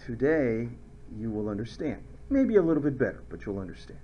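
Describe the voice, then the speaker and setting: Lively, playful male chemistry teacher. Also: medium pitch, fairly quick, lo-fi sound, slight background noise. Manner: playful, joking, acts out little skits. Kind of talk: recorded classroom lecture.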